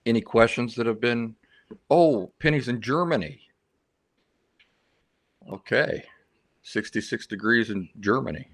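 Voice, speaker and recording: A man's voice: medium pitch, unhurried, long pauses, dry recording, clean studio sound. A man hosting a livestream, telling stories in a rambling, chatty way and reading out viewer comments. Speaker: livestream host. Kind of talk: casual livestream chat.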